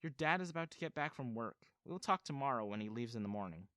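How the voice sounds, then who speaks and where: A man voicing a young stepmother who speaks gently and calmly. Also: medium pitch, fast, no room sound, clean studio sound. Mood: gentle calm. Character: young stepmother, sweet and calm.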